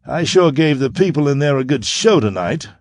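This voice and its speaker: Cocky android: man playing a bold, cheeky male acrobat, bright and high, dry close sound. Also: expressive, normal speed, no echo, lightly acted. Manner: cocky, breezy, higher pitched.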